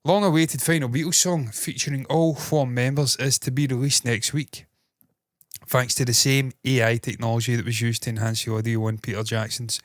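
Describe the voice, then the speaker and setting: A man's voice: medium pitch, steady tone, normal speed, no echo, clean studio sound. A man hosting a casual entertainment news show, speaking in a put-on Scottish accent, swearing freely and rambling with a chesty cough. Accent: mock Scottish, put on. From Britain.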